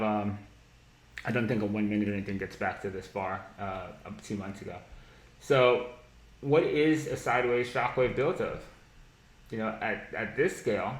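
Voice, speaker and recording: A man's voice: fairly low pitch, echoey room, rough recording. A man teaching trading on a live stream, blunt and profane, mocking ideas he dislikes and breaking into laughter. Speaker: market analysis streamer.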